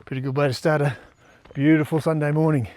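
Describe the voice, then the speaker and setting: A fast-talking Australian man vlogs as he walks along a riverside trail, rambling casually and filling his speech with fillers. His voice is on the high side and level, with a darkish tone and no echo.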